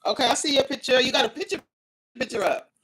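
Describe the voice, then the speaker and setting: Her voice is high and fairly bright with a breathy edge, and she talks at a quick pace. The woman hosts a casual phone livestream, chatting and reading viewer comments aloud. She grumbles about glitches that cut the stream out.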